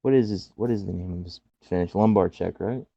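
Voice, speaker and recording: A man's voice: deep voice, fairly quick, creaky, warm tone, dry recording. Laughing, profane man on a muffled mic. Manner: profane, laughing, loose wrestling banter. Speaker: podcast co-host. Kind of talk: casual chat.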